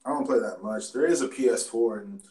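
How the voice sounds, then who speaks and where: A man's voice: medium pitch, a little fast, darkish tone, poor audio. Laid-back man in casual chat. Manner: laid-back, slangy, laughs often. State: sore after the gym. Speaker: podcast co-host.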